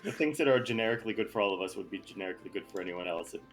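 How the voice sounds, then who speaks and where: A man's voice: lowish voice, lively intonation, very fast, background noise. A young man playing a tabletop game and making wry, dry remarks. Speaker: player. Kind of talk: casual tabletop game chat.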